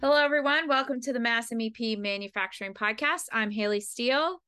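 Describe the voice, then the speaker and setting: A woman's voice: on the high side, brisk, sharp tone, faint music behind. A woman from Pennsylvania co-hosting a podcast, chatty and rambling with plenty of fillers. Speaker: podcast co-host. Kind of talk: casual chat.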